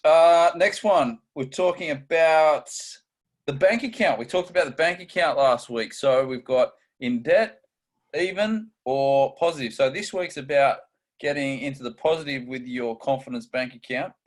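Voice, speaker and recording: A man co-hosting a casual podcast chat, energetic and steering the talk through tips. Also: medium pitch, normal speed. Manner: energetic, steers topics, chatty asides. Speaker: co-host.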